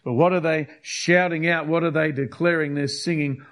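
A man's voice: on the high side, fairly even intonation, normal speed, few pauses, a bit bright. Emphatic preaching man. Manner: emphatic, repeats key phrases, acts out quotes. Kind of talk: sermon.

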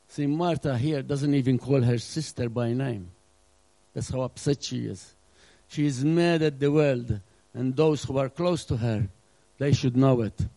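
Earnest man preaching, warm and dry. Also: mid-range voice, a little slow, no echo, poor audio. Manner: earnest preaching with acted-out asides, drops to a hush. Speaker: pastor. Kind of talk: sermon.

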